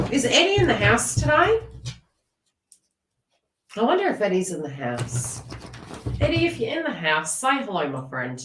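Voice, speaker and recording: A woman giving a live tarot reading in an animated, chatty way. She laughs often and talks directly to viewers in the chat. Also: fairly high pitch, measured pace, long pauses, far from the mic, background noise. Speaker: tarot reader. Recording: echoey room, away from the mic.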